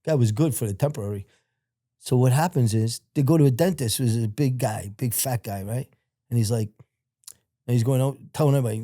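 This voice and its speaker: A man with an American accent telling his life story in a casual interview, blunt and profane, growing animated when he quotes other people. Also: medium pitch, fairly quick, no echo, studio quality.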